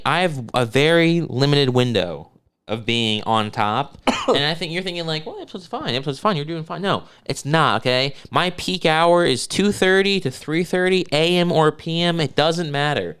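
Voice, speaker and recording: Smooth-voiced sarcastic man co-hosting a podcast. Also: a little high. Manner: animated, sarcastic and profane, often laughing. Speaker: podcast co-host. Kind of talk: casual chat.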